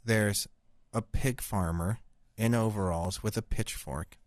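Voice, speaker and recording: Profane deadpan storyteller man. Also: lowish voice, measured pace, no echo, studio quality. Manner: rambling, profane, deadpan tall tales. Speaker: podcast host. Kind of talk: crude comedic storytelling.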